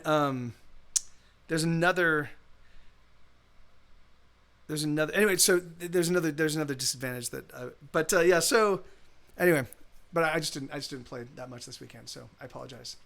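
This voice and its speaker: A man's voice: on the high side, moderate pace, creaky, pauses often, a bit bright. A man streaming live as a musician, chatting casually between songs in a rambling way with many restarts. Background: guitar playing.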